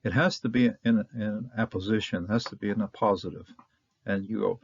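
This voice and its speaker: A man giving a casual Bible lesson, halting with many fillers and restarts, sounding out Hebrew words slowly. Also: lowish voice, vocal fry, breathy edge, no echo. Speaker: Bible teacher. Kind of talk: casual lecture. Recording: dull, dry, lo-fi sound.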